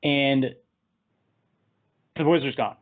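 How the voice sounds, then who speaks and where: A man's voice: mid-range voice, steady tone, slow pace. A man hosting a casual movie discussion, rambling through the plot scene by scene and laughing at his own jokes. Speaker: podcast host. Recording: tinny phone-like line.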